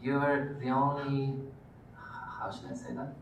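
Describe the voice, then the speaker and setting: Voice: medium pitch, flat delivery, a little slow, gravelly, distant mic. A teacher running a class, friendly, thanking students and laughing often. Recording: echoey classroom from afar, faint noise.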